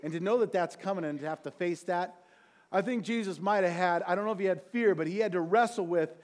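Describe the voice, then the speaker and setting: A man preaching a sermon as pastor, passionate, swinging from quiet, quick asides to loud, drawn-out peaks. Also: sits high. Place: church sanctuary.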